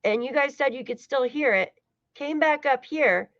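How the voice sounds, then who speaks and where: An American woman hosts a casual true-crime livestream, talking loosely to her chat, swearing now and then and laughing often. Her high-pitched voice has a fairly bright tone and normal speed. The sound is dull, lo-fi and dry, with no room sound.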